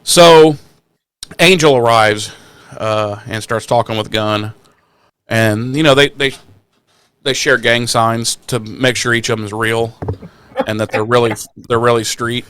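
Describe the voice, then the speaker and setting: A man's voice: medium pitch, fairly even intonation, a little slow, long pauses, a bit bright, a little hiss or hum. A man co-hosting a podcast, recapping an episode in casual, profane, joking chat and acting out lines in silly voices. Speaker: podcast co-host.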